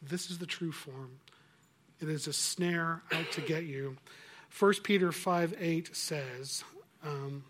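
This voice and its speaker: A male preacher delivers a sermon, retelling a story with emphatic, animated storytelling. His voice sits somewhat high for a man, and he leans into key phrases as he quotes scripture. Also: takes it slowly.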